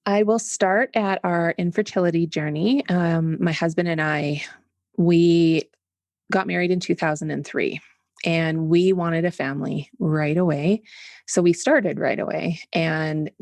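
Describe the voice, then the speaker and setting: Low, gravelly-voiced Canadian woman. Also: fairly even intonation, measured pace, darkish tone, no echo. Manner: open, candid, explains step by step. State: tickle in throat from smoke. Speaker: podcast guest. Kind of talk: conversational interview.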